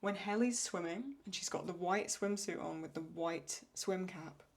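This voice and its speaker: Chatty woman thinking aloud, slightly low voice. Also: normal speed. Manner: thinks aloud with restarts, laughs when retelling funny lines. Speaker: channel host answering viewer questions. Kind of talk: casual Q&A chat.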